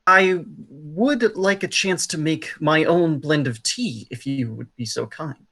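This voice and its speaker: A man's voice: fairly high pitch, slow pace, bright, forceful tone, slightly rough, heavily acted. A man voicing a courteous, formal elven male adventurer in a tabletop game, speaking in elaborately polite phrases. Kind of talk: tabletop role-play in character.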